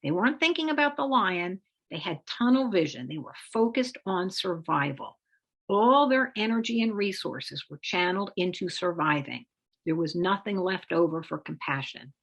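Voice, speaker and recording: A middle-aged woman presenting a parenting webinar, explaining steps in a measured way and sometimes lifting her voice for emphasis. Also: fairly low pitch, lo-fi sound. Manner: measured, explanatory delivery with occasional lively emphasis. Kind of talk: instructional talk with demonstration phrases.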